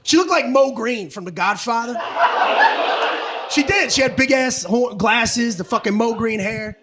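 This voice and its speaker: A man doing stand-up comedy on a club stage, ranting profanely and shouting punchlines. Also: extremely high pitch, expressive, measured pace. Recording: live comedy club, noisy audience.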